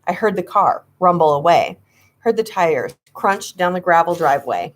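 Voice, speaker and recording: A woman's voice: lowish voice, lively intonation, normal speed. A woman narrating a children's horror story, reading with dramatic suspense. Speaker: audiobook reader.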